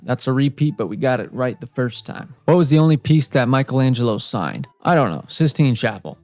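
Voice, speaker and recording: A man's voice: mid-range voice, lively intonation, fairly quick, darkish tone, no room sound, soft background music. Young man reacting to trivia. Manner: reads trivia questions aloud, then reacts with exasperated, self-mocking outbursts. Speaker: gaming YouTuber. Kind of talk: casual gameplay commentary.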